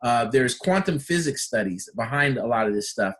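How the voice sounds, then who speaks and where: A man's voice: medium pitch, lively intonation, normal speed, fairly bright tone. A man teaching a personal development training session, enthusiastic and full of rhetorical questions and repeated phrases. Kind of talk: instructional talk.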